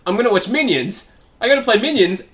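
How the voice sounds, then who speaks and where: A man with a slightly high, very animated voice tells a long rambling story on a casual comedy podcast. He laughs often and swears freely. His pitch jumps around as he goes. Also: quick pace. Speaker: podcast co-host.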